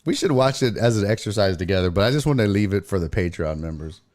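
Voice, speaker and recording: Male sports stream host, loose and profane, very animated pitch. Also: fast. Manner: loose, profane, shouts out chat viewers by name; lively, jumpy pitch when retelling. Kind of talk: casual livestream chat.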